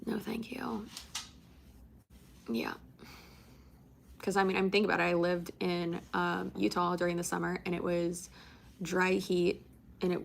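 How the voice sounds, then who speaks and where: A young woman from Tampa, Florida hosts a livestream, chatting casually and rambling with many fillers and casual swearing. Her voice is on the low side and gravelly.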